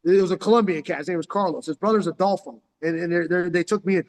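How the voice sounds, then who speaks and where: Guy spinning loose street stories into his phone, raised pitch, lots of slang and swearing, in a reverberant space. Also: quick pace. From San Diego, California. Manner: profane slang, calls listener "dog" constantly. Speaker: vlogger telling life stories. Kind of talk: rambling street storytelling. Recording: long hall reverb.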